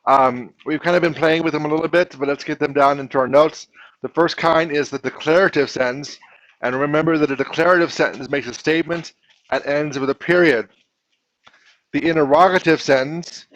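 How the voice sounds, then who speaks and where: A man's voice: a little high, a bit bright, dull audio. A man teaching a class, patiently explaining and often restarting his phrases. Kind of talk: classroom instruction.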